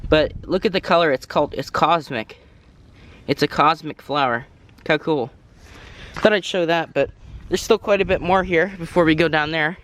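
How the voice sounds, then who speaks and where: A man's voice: on the high side, normal speed, fairly bright tone, slight background noise. A man giving a casual, rambling tour of his garden plants outdoors, a bit out of breath, often correcting himself. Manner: rambling, self-correcting, apologetic asides. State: slightly out of breath. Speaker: gardening vlogger. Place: outdoors in a garden, cars passing.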